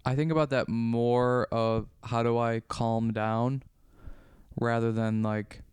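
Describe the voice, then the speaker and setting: A man's voice: mid-range voice, level tone, takes it slowly, a little mellow, clear, resonant tone, dry recording. A young adult man co-hosting a podcast in casual chat, rambling and questioning himself as he acts out little quotes. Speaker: podcast co-host.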